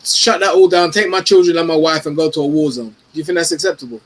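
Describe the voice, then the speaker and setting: British guy arguing hard on a stream panel, a bit high voice, faint noise behind him, swears a lot. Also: steady tone, fast. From United Kingdom. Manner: forceful, argumentative, profane, insists on finishing. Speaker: debate panelist. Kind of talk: heated online debate.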